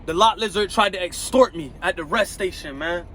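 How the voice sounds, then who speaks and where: A man's voice: sits high, normal speed, pushed and bright, slight background noise, poor audio. A man, a truck driver, telling a story to his viewers in casual slang, repeating phrases and speaking straight to them.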